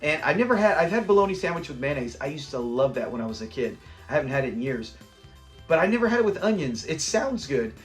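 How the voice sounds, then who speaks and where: A man's voice: on the high side, big pitch swings, quick pace, soft background music. Upbeat man recapping a sitcom episode. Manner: enthusiastic, acts out quoted lines. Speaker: show host. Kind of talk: casual episode breakdown.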